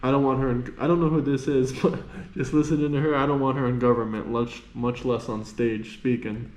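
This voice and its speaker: A man's voice: mid-range voice, level tone, fairly quick, darkish tone. A man reacting to political clips with blunt, scornful casual commentary as the host.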